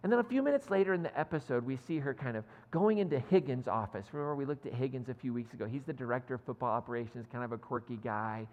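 A man's voice: medium pitch, quick pace, few pauses, darkish tone, highs cut off. A male pastor giving a sermon in a church, telling a story in a conversational, self-deprecating way. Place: church sanctuary. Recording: long hall reverb.

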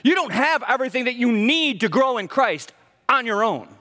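A high-pitched man preaches in an echoing sanctuary, his words trailing off into a long reverb. He is a middle-aged pastor who pushes his points hard, asks the congregation direct questions and slips in dry jokes. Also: sing-song, normal speed, bright, forceful tone. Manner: emphatic preaching with humor, rhetorical questions to the congregation. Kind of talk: sermon. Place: church sanctuary.

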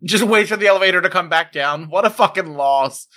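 A man playing in a tabletop game, reacting in an animated way. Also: sits high, brisk. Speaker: tabletop player.

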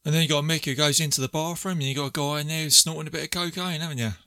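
Chatty man with a bright voice. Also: fairly high pitch, fairly even intonation, racing, no echo, clean studio sound. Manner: chatty storyteller, quoting lines and laughing. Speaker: podcast co-host. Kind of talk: casual movie recap chat.

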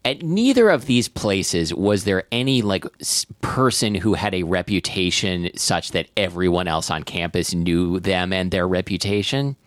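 A man's voice: sits low, animated, a little slow, few pauses, no room sound, studio quality. A man co-hosting a podcast, reading a novel aloud in a wry, playful tone and breaking off to joke about it. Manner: reads in a wry, playful tone and mocks the text. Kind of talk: dramatic reading with comic asides.

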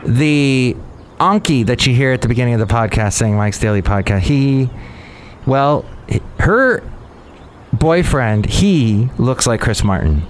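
Slow chatty podcast guy, keeps wandering off and fixing what he just said. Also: mid-range voice, animated, noisy background. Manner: meandering, self-correcting, chatty. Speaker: podcast host. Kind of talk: casual rambling chat.

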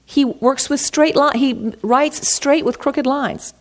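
A woman's voice: sits high, slow. A woman teaching from scripture in a conversational way, reading verses aloud and then asking her listeners rhetorical questions. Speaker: Bible teacher.

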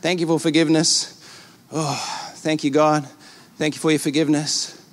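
A middle-aged male pastor delivers an animated sermon, acting out scenes as he goes. His voice sits fairly high for a man. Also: moderate pace. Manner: animated preaching, acts out scenes.

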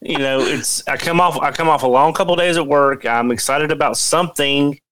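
A tired man co-hosting a casual podcast, talking haltingly and stammering over his words. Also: a little high, a bit bright, slight background noise, poor audio. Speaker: podcast co-host. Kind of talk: casual chat.

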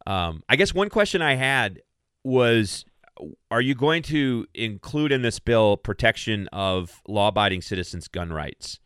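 A male host asks his questions carefully and conversationally. His voice is deep and smooth, with a resonant tone. The sound is close and dry. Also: lively intonation, measured pace, a bit bright, dry recording. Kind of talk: casual interview.

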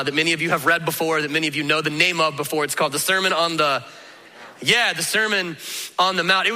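A man preaching a sermon, conversational and animated, acting out the reactions of listeners. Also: high voice. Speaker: pastor. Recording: long hall reverb.

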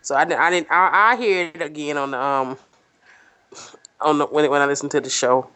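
A woman co-hosting a podcast, playful and teasing, with drawn-out exclamations. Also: sits low, a bit bright, clean tone. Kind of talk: casual chat.

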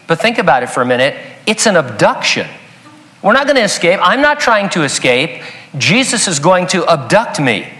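A man's voice: medium pitch, sharp tone. A man preaching a sermon in a conversational, emphatic way with joking asides. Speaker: pastor.

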